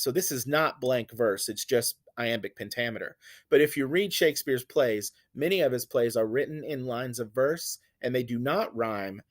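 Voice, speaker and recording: A man giving a recorded literature lecture, patiently explaining poetic meter and reassuring his students. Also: mid-range voice. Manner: patient and reassuring, slow and deliberate, counts out stresses. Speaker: literature teacher.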